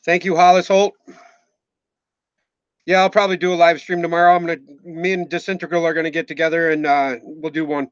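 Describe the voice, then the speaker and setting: A Minnesotan man in his forties chats casually on a live stream, rambling, joking, cursing occasionally, and thanking viewers by name in his Minnesota accent. His fairly high voice stays flat and runs a little fast, with a clean tone and no room sound, though the audio is slightly muffled and dull.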